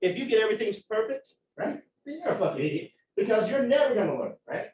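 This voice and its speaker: A man teaching a chemistry class, telling a profane, animated story to his students. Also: high voice, quick pace, a little hiss or hum. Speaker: chemistry instructor. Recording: echoey room, from far off.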